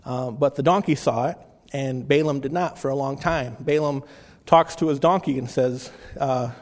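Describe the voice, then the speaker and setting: A male pastor preaching a sermon in a conversational way, often restarting phrases and slowing down to read scripture. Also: mid-range voice, long reverb tail.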